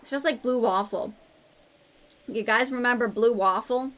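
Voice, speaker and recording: Young woman, casual stream chat, crude, playful, a bit high-pitched. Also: moderate pace, long pauses, fairly bright tone. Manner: crude, swears a lot, playful.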